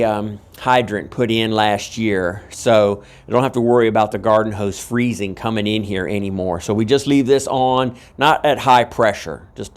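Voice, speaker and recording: A man walking through his homestead project in a casual how-to video, rambling and correcting himself as he goes, holding a handheld microphone. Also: fairly low pitch. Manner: rambling, halting, with frequent uhs and self-corrections. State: out of breath. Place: outdoor homestead fodder house.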